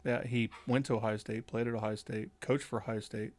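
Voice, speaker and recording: A man's voice: on the low side, level tone, fairly quick, darkish tone. A young man hosting a casual college football podcast, going through coaching moves with many fillers and some swearing. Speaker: podcast host. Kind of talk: casual chat.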